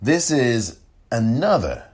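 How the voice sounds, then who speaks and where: A man hosting a solo political commentary podcast, speaking in a deliberate, emphatic, indignant way. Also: mid-range voice, sing-song, a little mellow, slightly rough.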